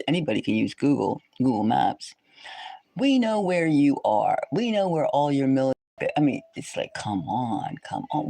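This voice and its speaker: A woman hosting a psychic livestream, talking in an animated, emphatic way that slips into soft whispers. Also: rumbling low, low-quality recording. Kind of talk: casual livestream rant.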